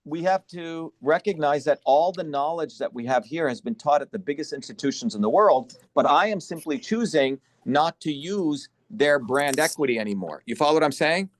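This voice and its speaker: A man hosting an online symposium, lecturing forcefully and bluntly over a video call, swearing for emphasis. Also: a little high, animated, moderate pace, few pauses, dry recording. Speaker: symposium host and educator.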